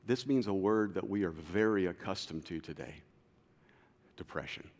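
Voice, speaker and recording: Pastor with dramatic loud-soft swings. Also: male voice, expressive, normal speed. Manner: dynamic, swings from loud urgent to quiet low. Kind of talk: sermon. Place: church auditorium. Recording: long hall reverb.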